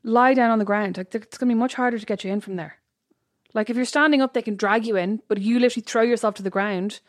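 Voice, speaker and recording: A woman's voice: a little high, quick pace, no echo, studio quality. A pregnant woman co-hosting a podcast, chatting casually in a wry, joking way. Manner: joking, wry, talks over her co-host. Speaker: podcast co-host. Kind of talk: casual chat.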